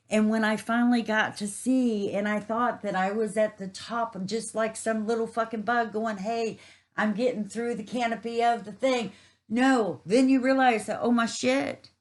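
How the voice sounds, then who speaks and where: A woman's voice: medium pitch, rough recording. A woman giving a rambling, casual spiritual monologue, earthy and swearing freely.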